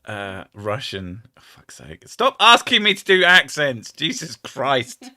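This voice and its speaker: Lively sweary British man. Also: mid-range voice, slow. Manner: sweary, joking, self-mocking. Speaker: streamer host. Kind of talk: casual live-stream chat.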